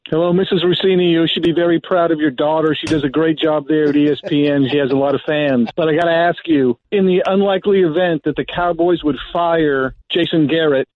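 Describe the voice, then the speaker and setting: A man's voice: fairly high pitch, steady tone, a little fast. A man calling into a sports radio show, asking a polite question. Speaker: caller. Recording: phone line.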